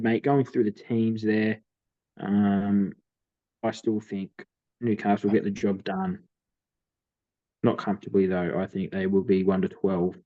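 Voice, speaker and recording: A man's voice: on the low side, no room sound, lo-fi sound. A man with an Australian accent, co-hosting a podcast and casually running through weekend team lists, with plenty of "um" and "mate". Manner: laid-back, runs through team lists with fillers. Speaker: podcast co-host. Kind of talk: casual sports chat.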